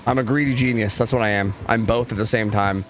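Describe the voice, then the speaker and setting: A man's voice: fairly low pitch, steady tone, quick pace, background noise. A young man from New York streaming a game, talking in a laid-back way with lots of filler words. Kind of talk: casual gameplay commentary.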